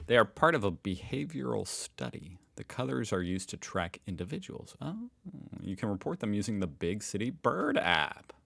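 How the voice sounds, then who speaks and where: A chatty, joking American man reads posts aloud in a casual reaction video he hosts. His voice sits on the low side, sounding creaky yet a bit bright.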